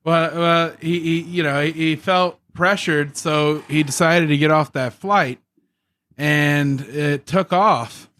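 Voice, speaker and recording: A man rambling through a deadpan joke on a comedy podcast, stumbling over his words. His voice sits a little high for a man. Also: takes it slowly, no echo. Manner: rambling deadpan joke-telling with many restarts. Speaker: podcast co-host. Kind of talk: casual comedic banter.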